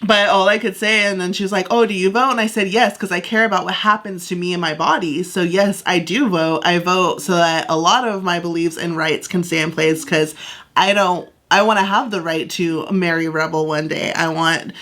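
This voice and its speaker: A woman's voice: on the low side, steady tone, normal speed, a bit bright. A young woman co-hosting a podcast, chatting casually and telling stories with lots of "like" fillers. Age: young adult. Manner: chatty storyteller, acts out quoted voices, frequent "like". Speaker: podcast co-host. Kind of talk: casual chat.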